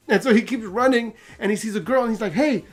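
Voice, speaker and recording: Animated man recapping a story. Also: high voice, fairly quick, faint music behind. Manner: animated, laughs often, acts out quotes. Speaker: host.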